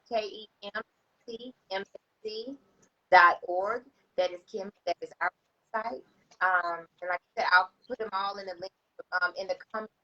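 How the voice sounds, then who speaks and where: A woman, a guest on a livestream, talking in a relaxed, halting way with many fillers. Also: medium pitch. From Houston, Texas. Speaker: guest, education nonprofit founder. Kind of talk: casual interview chat. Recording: dull lo-fi call audio.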